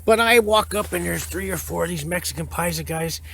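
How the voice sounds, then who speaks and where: Here a man who did prison time offers advice on camera, talking loosely and candidly with lots of fillers and false starts. He speaks fairly quickly in a high, pushed, bright voice with vocal fry, and there's a little hiss or hum.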